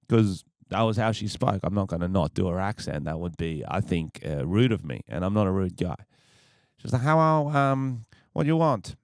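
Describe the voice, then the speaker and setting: A man's voice: on the low side, dry recording, clean studio sound. A man with an Australian accent hosting a podcast, telling stories casually, profane and rambling, laughing at his own jokes. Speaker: podcast host.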